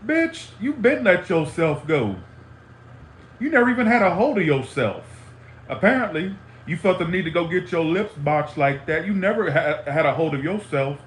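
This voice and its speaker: A man's voice: on the high side, animated, brisk, slight background noise. A man in an angry, profane ranting monologue, heated and repetitive, talking to a live stream audience. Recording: roomy echo, faint ambience.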